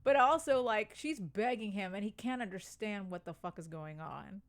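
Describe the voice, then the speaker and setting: A woman co-hosting a casual podcast, gushing excitedly and acting out lines from films. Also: mid-range voice, moderate pace. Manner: excitable, gushing, acts out quotes. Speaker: podcast co-host.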